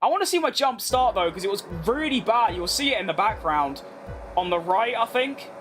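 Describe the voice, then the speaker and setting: Chatty young British man with a high voice. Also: big pitch swings, normal speed, a bit bright, soft background music. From Britain. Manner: chatty, blunt, reads chat and banters back. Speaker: gaming streamer. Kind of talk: casual commentary over gameplay.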